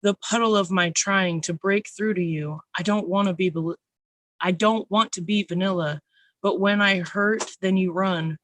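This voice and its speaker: A nervous open mic poet giving an intense, raw spoken word reading, slowing down on emphatic phrases. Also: mid-range voice, steady tone, fairly bright tone, no room sound. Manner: nervous, first time reading for strangers.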